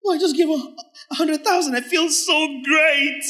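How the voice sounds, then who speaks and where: A preacher putting on a self-satisfied giver whose voice climbs high and quivers with tearful sweetness. He gushes in a whimpering sing-song, pitched far above his plain voice. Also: moderate pace, sharp tone. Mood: smug gushing. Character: gushing self-satisfied male giver, teary.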